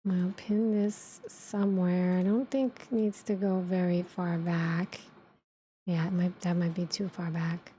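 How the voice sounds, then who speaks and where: A woman VTuber streamer chatting casually with viewers, thinking aloud and giggling while she sets up her software. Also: fairly low pitch, fairly even intonation, measured pace, breathy edge. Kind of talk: casual livestream chat while setting up software.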